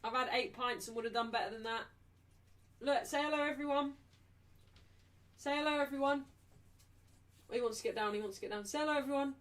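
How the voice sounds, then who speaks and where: Woman, casual live-stream chat, baby talk to a pet, fairly high voice, slightly off-mic. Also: brisk, pauses often, a bit bright. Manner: chatty, breaks into high baby talk with her dog. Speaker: streamer hosting a live match watchalong. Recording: voice a little distant from the mic.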